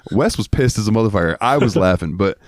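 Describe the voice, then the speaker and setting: Man, very low voice, from Florida, casual profane storyteller, podcast co-host, dry sound. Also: animated, fast talker, dry recording. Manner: profane, rambling, acts out quotes in raised voices.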